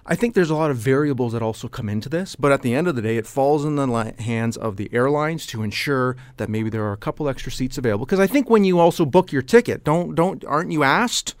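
A man's voice: medium pitch, animated, fast talker, few pauses, no echo, studio quality. A man co-hosting a radio talk show, rambling and restarting his thoughts in casual banter. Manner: rambling, restarts often, agreeable. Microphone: studio microphone.

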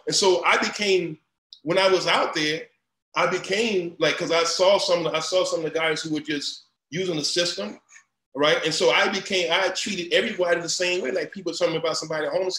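A high, sharp voice with fairly even intonation and a slightly fast pace comes from a Southern-accented, middle-aged Louisiana man. The recruiting company founder tells stories in a casual interview, restarting often and acting out quotes, and the room echoes.

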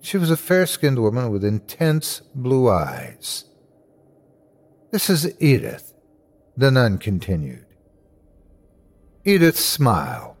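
A man's voice: big pitch swings, takes it slowly. A man narrating a scary story in a scripted, dramatic way. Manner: dramatic, swings high for cries. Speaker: host and narrator.

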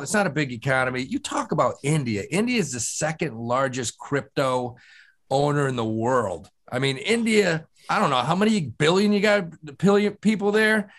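A man's voice: a little high, fairly bright tone. A man co-hosting a finance talk show, loose, profane and joking. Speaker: co-host. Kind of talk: casual podcast chat.

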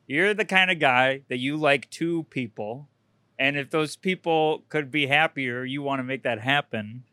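A man's voice: mid-range voice, unhurried, pushed and bright, smooth, dry recording. A man on a comedy podcast, firing off playful quips and reactions. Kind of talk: casual comedic chat.

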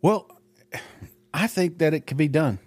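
A man's voice: on the high side, unhurried, no room sound. A man co-hosting a football podcast in casual chat. He talks animatedly, swears freely and often restarts his words, recorded dry and close. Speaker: podcast co-host. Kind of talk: casual sports talk.

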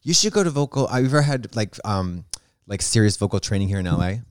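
Rambling giggly man, very expressive pitch. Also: quick pace, clear, resonant tone, no echo, clean studio sound. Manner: rambling, giggly, trails off into asides. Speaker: podcast co-host. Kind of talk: casual comedic chat.

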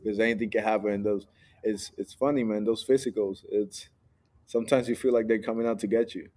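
Man, ballplayer guest, from Puerto Rico, low-pitched, relaxed, chuckles between thoughts, restarts sentences. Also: fairly quick. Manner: easygoing, laughs often, restarts sentences. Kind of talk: casual interview answers.

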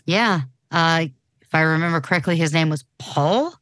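A woman's voice: sits low, moderate pace, fairly bright tone, dry recording. A woman in her forties co-hosting a podcast in casual chat, talking loosely with many restarts. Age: 40s. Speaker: podcast co-host.

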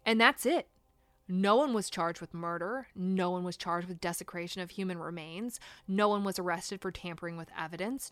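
A woman's voice: mid-range voice, fairly bright tone, dry recording. A woman hosting a true crime podcast, reading a scripted account in a blunt, indignant way and swearing for emphasis.

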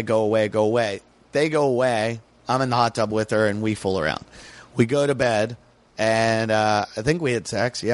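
A comedian from the United States, appearing as a podcast guest, tells a story casually and animatedly, acting out the voices of the people in it. His medium-pitched voice is recorded dry.

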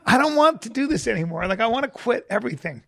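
A man guest-hosting a comedy podcast, talking in a deadpan, argumentative, crude way. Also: extremely high pitch, quick pace, vocal fry, no echo, studio quality. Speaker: guest host. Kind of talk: casual comedic podcast banter.

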